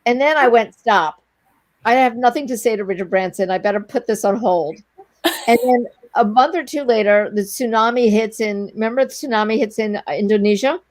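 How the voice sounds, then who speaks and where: Her pitch fairly high and her pace fairly quick, a middle-aged female entrepreneur spins a long, breathless anecdote as a guest in a relaxed interview. She voices the other people's lines herself, with lively quoted dialogue, and there's no echo.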